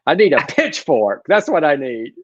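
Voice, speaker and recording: A man's voice: fairly high pitch, normal speed, slightly rough, no echo. A Texan man with a Southern accent co-hosts a casual livestream. His voice swoops up and down as he talks, and he often stumbles and restarts. The audio is dry and lo-fi. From Texas. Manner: expressive, stammers and restarts, laughs easily. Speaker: co-host. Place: Los Angeles.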